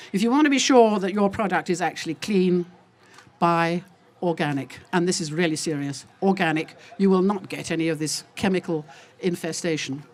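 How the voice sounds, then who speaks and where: An older woman giving an emphatic, indignant and rambling talk to a festival audience as an olive oil seller, addressing them as ladies and gentlemen. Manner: lively, with wide jumps in pitch. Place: outdoor food festival.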